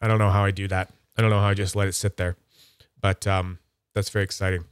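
A man running a casual livestream talks enthusiastically and at length about his collection, putting on high, silly voices for quotes. He speaks fast in a level, clear, resonant tone, with no room sound.

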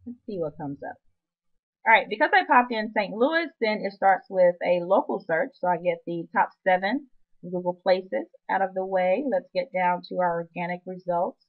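A woman's voice: on the low side, normal speed, narrow, tinny audio. A woman presenting a screen-recorded web marketing tutorial, chatty and upbeat with playful asides.

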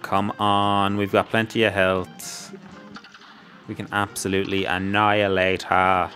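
A man with a fairly low voice talks through a video game as he plays it. He rambles, cracks jokes at his own expense and chats to himself between the action. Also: level tone, measured pace, bright, forceful tone, soft background music. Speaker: let's play host. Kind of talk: gameplay commentary.

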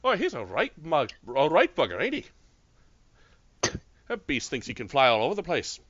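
A man's voice: medium pitch, expressive, a little slow, fairly bright tone, no room sound. A man voicing an Andorian village chief's daughter, a woman with a put-on brash Scottish-style brogue, telling folksy tales. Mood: boisterous. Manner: folksy, gossipy storyteller. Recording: dull lo-fi dry online mic.

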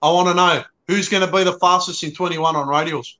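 A cheeky Australian man talks as a guest on a live chat. He banters hard and throws in "mate" all the time. His voice is a little high, with a bright, forceful edge. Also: fairly even intonation, fast talker. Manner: cheeky, banter-heavy, says mate often. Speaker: guest, fellow show host. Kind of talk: casual live-stream chat.

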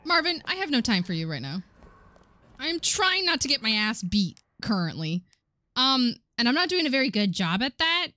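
A young woman giving excitable, swearing let's-play commentary on a horror game, laughing often and chatting with her viewers. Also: fairly high pitch, moderate pace, dry recording. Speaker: gaming streamer.

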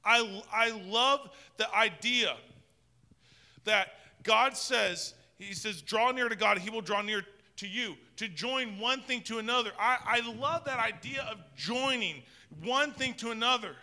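Bright-voiced pastor preaching in a reverberant hall. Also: male voice, very high voice, a little slow. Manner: conversational preaching with frequent restarts. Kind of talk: sermon. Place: church sanctuary with long reverb.

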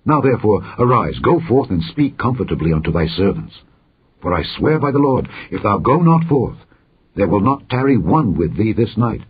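A man voicing a stern army commander who speaks forcefully and reproachfully, in a dull, lo-fi recording. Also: mid-range voice, husky, pitched above the performer's own voice. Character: stern army commander rebuking his king.

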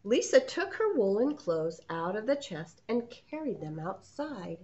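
A preschool teacher reading a storybook aloud to children, asking them questions along the way. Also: female voice, mid-range voice, measured pace, slight background noise. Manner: expressive, asks the children questions. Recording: muffled lo-fi sound.

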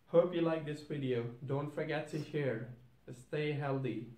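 A man with a fairly high voice hosts an accent tutorial. He says each example word twice and checks in with "all right?" after every point. He is recorded in a room with a noticeable echo. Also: unhurried, a little mellow. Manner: explains, then repeats example words twice, often asks "all right?". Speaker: host. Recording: echoey room.

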